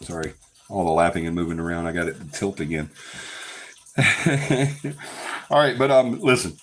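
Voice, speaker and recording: A man's voice: sits low, normal speed, a little hiss or hum. A man hosting a casual live stream, breaking into fits of laughter. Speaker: paranormal live-stream host.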